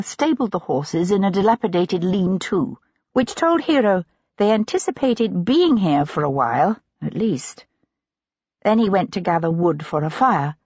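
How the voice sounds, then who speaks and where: A woman reading an audiobook in steady, even-toned scripted narration. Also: fairly low pitch, slightly rough, no echo. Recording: dull dry lo-fi recording.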